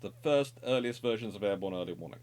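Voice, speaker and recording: A man's voice: fairly low pitch, animated, fast talker, darkish tone, a little hiss or hum. A middle-aged man presenting naval history in an unscripted, discursive explanatory monologue. He corrects himself often and adds wry asides.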